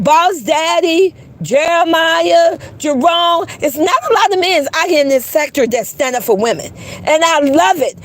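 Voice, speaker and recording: A woman hosting a casual livestream, blunt and profane, greeting her chat. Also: very high-pitched. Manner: blunt, profane, laughing, reads chat aloud. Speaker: livestream host.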